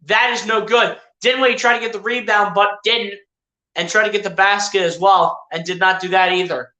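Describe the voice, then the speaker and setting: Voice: mid-range voice, steady tone, moderate pace, pushed and bright, roomy sound. A live streamer giving casual play-by-play commentary on a basketball game, chatting to the players and to viewers as the action goes. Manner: chatty, addresses players and viewers directly, self-correcting.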